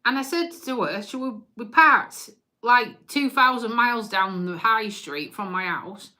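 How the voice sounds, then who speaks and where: A woman's voice: a little high, expressive, measured pace, pushed and bright. A woman hosting a casual live stream, chatting and joking with viewers, swearing freely and teasing them. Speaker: livestream host.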